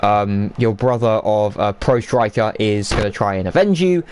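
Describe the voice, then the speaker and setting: A man's voice: lowish voice, moderate pace, darkish tone, slight background noise. A man giving casual, jokey live commentary on an online sim race, full of banter.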